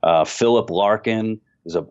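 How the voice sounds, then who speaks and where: A comedian from Queens, New York, guests on a casual podcast interview, speaking at normal speed in a very low, clean-toned voice with a faint New York accent. He's an animated storyteller who mocks himself and restarts sentences often. The recording sounds a little dull and lo-fi.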